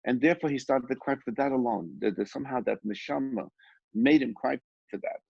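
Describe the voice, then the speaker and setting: A man teaching a Torah class and telling stories in an unhurried, halting way, with many pauses and restarts. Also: medium pitch, vocal fry, a little mellow, slightly rough, no echo. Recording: dull, lo-fi, dry sound.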